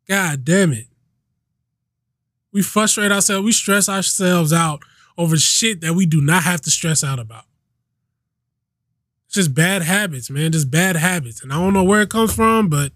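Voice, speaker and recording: A man with a high voice hosts his own podcast and rants in a loose, conversational way. He repeats lines for emphasis and swears casually. The recording is dry and close. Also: a bit bright, dry recording. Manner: emphatic, repetitive, swears freely. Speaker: podcast host. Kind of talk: casual solo rant.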